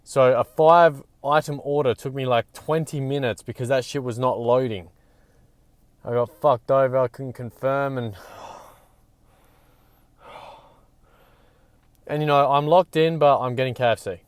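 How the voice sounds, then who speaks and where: A man's voice: mid-range voice, steady tone, unhurried, long pauses, clean tone, no room sound. A young man vlogging casually to camera, blunt and full of swearing, at times out of breath. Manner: blunt and profane, talking to camera. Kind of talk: casual vlog talk.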